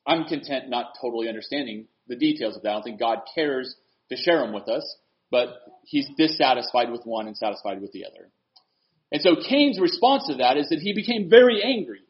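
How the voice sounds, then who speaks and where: A man preaching a sermon, swinging from loud, emphatic lines to hushed, earnest asides. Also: mid-range voice, animated, brisk, highs cut off.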